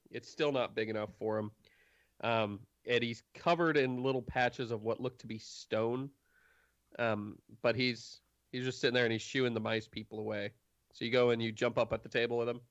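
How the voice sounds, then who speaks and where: A man's voice: mid-range voice, fairly even intonation, moderate pace, a bit bright, no echo, dull audio. A man narrating as game master, casual and full of fillers. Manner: casual, filler-heavy, laughs often.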